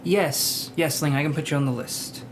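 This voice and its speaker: A man's voice: fairly high pitch, fairly even intonation, moderate pace, noisy background. A man hosting a live tarot reading stream, chatting casually, greeting viewers by name and joking about himself.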